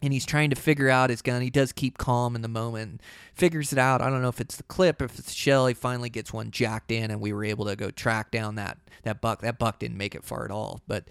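A man's voice: mid-range voice, fairly even intonation, a little fast, gravelly, fairly bright tone, smooth, no echo. Dry-voiced man telling a hunting story. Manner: rambling, full of "you know" and "like". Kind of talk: casual storytelling.

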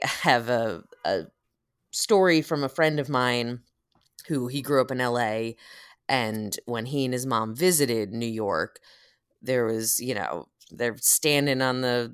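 A woman in casual conversation, telling stories with lots of laughter and loud acted-out quotes. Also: rumbling low, clear, resonant tone, no room sound, clean studio sound. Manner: animated storyteller, laughs often, acts out quotes loudly. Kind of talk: casual chat.

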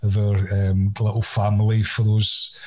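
A man's voice: fairly low pitch, monotone, normal speed, a little mellow, rough recording. A man telling a long anecdote in casual chat, acting out other people's voices and laughing often. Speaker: guest telling a story.

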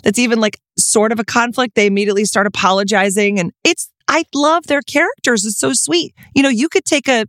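A woman co-hosting a podcast in casual chat, enthusiastic and bubbly, her voice jumping up high when she argues. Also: fairly quick, hardly any pauses, fairly bright tone, no echo, studio quality. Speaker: podcast co-host.

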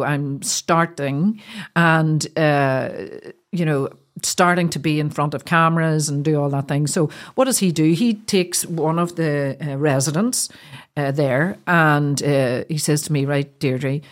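A middle-aged Irish woman from Ireland, a guest telling a personal story in an interview, halting with many fillers and restarts. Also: low voice.

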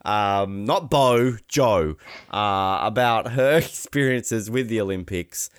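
A man's voice: fairly low pitch, slow pace, clean tone, dry recording, studio quality. A man hosting a podcast in casual comedic chat, rambling and joking with frequent laughter. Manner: rambling, jokey, laughs often, breaks into silly voices. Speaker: podcast host.

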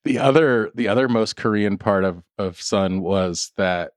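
A man co-hosting a podcast in casual chat, emphatic and quick to laugh, swearing for emphasis. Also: on the low side, no room sound, clean studio sound. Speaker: podcast co-host.

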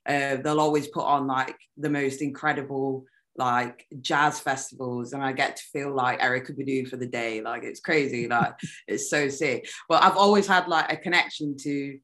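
A young woman musician chatting as an interview guest, animated and laughing often, often trailing off mid-sentence. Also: a bass voice, moderate pace. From United Kingdom. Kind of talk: casual interview chat.

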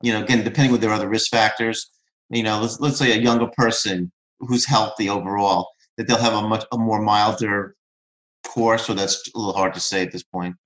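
A man's voice: on the low side, fairly even intonation, a little fast, fairly bright tone. Chatty male podcast host, roomy sound. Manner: chatty, rambling questions with many fillers. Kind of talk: podcast interview. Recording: roomy echo.

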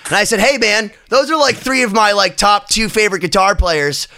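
A man co-hosting a casual podcast, telling stories with excited, rambling energy. His voice is high for a man, and it has a bright, forward edge. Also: brisk. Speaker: podcast co-host.

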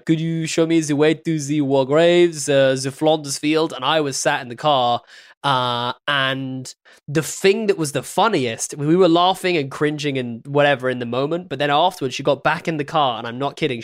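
Man, casual podcast chat, wry, stop-start delivery, mid-pitched voice, dry close sound. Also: normal speed, dry recording. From England. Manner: wry, self-deprecating, with hesitant restarts. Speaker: podcast co-host.

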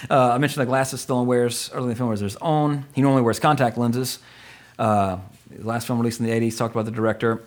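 Fast, rambling podcast co-host, excitable and jokey. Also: male voice, medium pitch. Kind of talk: casual movie podcast chat.

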